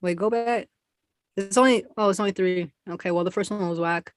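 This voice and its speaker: A woman's voice: medium pitch, brisk, dry recording, studio quality. A woman guest in a casual group chat, jokey and self-mocking as she plays along with a scenario.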